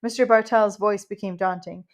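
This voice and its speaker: A woman narrating a first-person novel as an audiobook in an emotional, heartfelt, expressive way. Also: medium pitch, normal speed.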